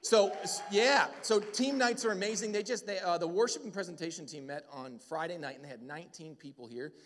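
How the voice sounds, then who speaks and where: Enthusiastic pastor, a bit high-pitched, announcing from a reverberant church hall. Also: male voice, brisk. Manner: energetic, enthusiastic, fillers like "man". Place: church sanctuary.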